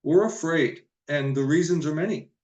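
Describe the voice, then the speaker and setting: A man's voice: a little high, moderate pace, darkish tone, roomy sound. A man giving an earnest, emphatic solo talk to camera about relationships, stressing and repeating his main points like a counselor.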